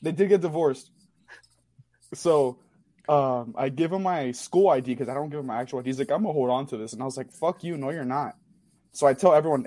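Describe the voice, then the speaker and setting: Young dude, slightly high voice, cussing his way through a story. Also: fairly quick, no echo. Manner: profane, animated storyteller. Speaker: caller sharing a story. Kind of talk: casual storytelling.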